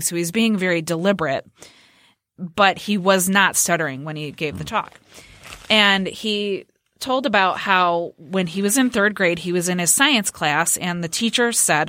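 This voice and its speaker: A woman's voice: mid-range voice, moderate pace, sharp tone, dry recording, clean studio sound. A woman telling an emotional story in a casual podcast conversation, earnest and heartfelt.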